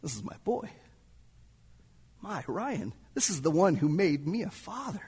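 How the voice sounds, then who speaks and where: In a church sanctuary, a male pastor preaches a sermon, telling a story with drama and now and then sinking to near-whispers. His voice is high-pitched and sing-song, unhurried, darkish in tone with a breathy edge, and it fills a large hall.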